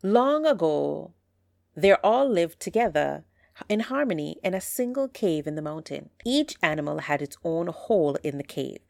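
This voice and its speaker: A woman storyteller telling folktales aloud with an expressive, drawn-out delivery. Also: low voice, creaky, dry recording, clean studio sound.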